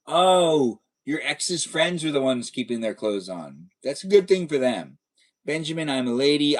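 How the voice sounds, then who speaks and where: A man hosting a casual live stream, reading viewer comments in a playful, silly, teasing way. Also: mid-range voice.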